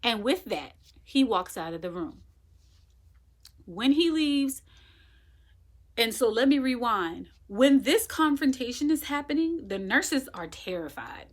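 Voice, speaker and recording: A woman's voice: on the high side, sing-song, a little slow. A woman casually telling a personal story, retelling it emphatically and acting out what people said. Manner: emphatic, vivid retelling that acts out quoted dialogue. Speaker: woman sharing her birth story.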